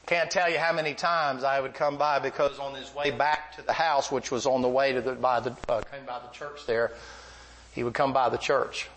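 An older man preaching a folksy, animated sermon full of stories. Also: mid-range voice, normal speed. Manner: folksy, animated, acts out voices. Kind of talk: sermon with storytelling.

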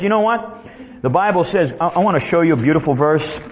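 A man's voice: on the high side, expressive, brisk, crowd noise. A man preaching a sermon who emphatically repeats himself and reads Bible verses aloud. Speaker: pastor. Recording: dull lo-fi recording.

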